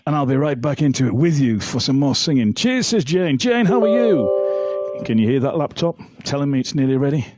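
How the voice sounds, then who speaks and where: A man's voice: medium pitch, sing-song, a little fast. Chatty man hosting a home live stream. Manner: chatty, reads out viewer comments. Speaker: livestream singer and host. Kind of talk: casual live-stream chat and singing. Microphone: home setup with laptop and phone. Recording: faint backing music.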